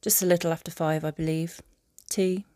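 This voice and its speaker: A woman voicing a remorseful young male aristocrat wizard in a fan audiobook, speaking softly and haltingly. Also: low-pitched, steady tone, no room sound, studio quality, lightly acted. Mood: dry. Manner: soft, halting confession.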